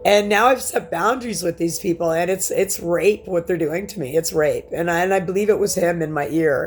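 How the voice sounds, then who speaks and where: A woman's voice: low-pitched, vocal fry, darkish tone. A woman in her forties venting in a rambling, profane personal monologue to camera. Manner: emphatic, profane, rambling rant. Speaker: vlogger.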